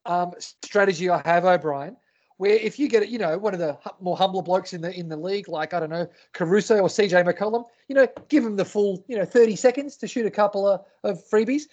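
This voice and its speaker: A man's voice: sits high, brisk, darkish tone, dull audio. An Australian man co-hosting a casual sports podcast, joking and mock-indignant with his co-host.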